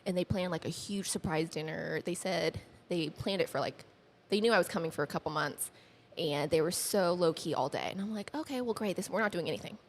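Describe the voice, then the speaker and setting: A woman guest on a podcast telling personal stories in a chatty, animated way, acting out quoted dialogue with many fillers. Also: a little fast, slight background noise. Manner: animated, acts out quoted dialogue with lifted pitch. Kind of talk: casual conversational storytelling.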